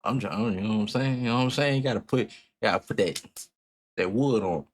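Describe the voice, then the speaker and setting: A man with a lowish voice and a fairly quick pace hosts a music reaction while tipsy, greeting viewers like an announcer. He chats casually and rambles, repeating and restarting phrases in loose slang.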